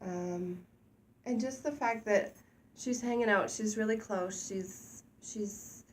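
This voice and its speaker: A woman co-hosting a casual talk show, candid and animated, speaking openly and getting louder when she is excited. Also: medium pitch, takes it slowly. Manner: candid, animated, self-deprecating, gets loud when excited. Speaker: co-host. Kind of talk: casual conversational podcast chat.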